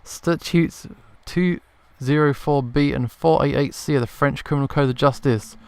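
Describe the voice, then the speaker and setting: A man's voice: fairly high pitch, moderate pace, a little mellow, clean tone, no echo, close to an everyday voice. Man voicing a brash falcon lawyer. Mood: stern. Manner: bluffing, stern legalese. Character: confident falcon lawyer, male, brash and commanding. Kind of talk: reading game dialogue aloud.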